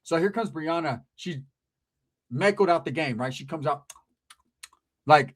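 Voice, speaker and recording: A man telling a crude, animated comedic story, acting out the dialogue. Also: medium pitch, brisk. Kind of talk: casual profane storytelling.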